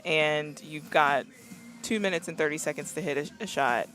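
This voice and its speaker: A man's voice: a little high, moderate pace, music in the background. A man as co-commentator at a long-drive golf event, adding short remarks and quips. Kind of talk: live sports commentary.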